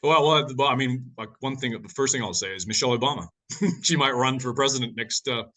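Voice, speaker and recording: A man's voice: medium pitch, fairly quick, pushed and bright. A man in a casual political podcast chat, speaking bluntly and mockingly.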